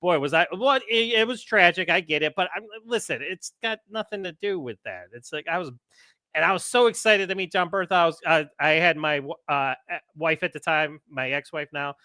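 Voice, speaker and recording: A man hosting a live podcast stream, chatting casually and rambling excitedly with lots of fillers. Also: fairly high pitch, fairly quick, dry recording. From United States. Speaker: podcast host.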